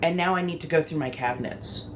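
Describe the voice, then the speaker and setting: A woman's voice: low voice, quick pace, noisy background. A young woman with a West Coast accent chatting casually with live-stream viewers, rambling and swearing freely.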